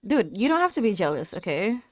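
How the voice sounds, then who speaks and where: Female reaction host, chatty and animated, talks back at the screen; dry, close sound. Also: mid-range voice, a little fast, dry recording. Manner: laughs often and coos at cute moments. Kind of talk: casual reaction commentary.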